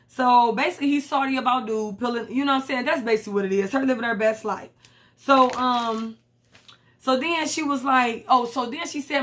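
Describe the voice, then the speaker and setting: A woman's voice: on the high side, moderate pace, a bit bright. A young woman, recapping a reality show in casual, blunt and profane commentary and acting out the lines she quotes.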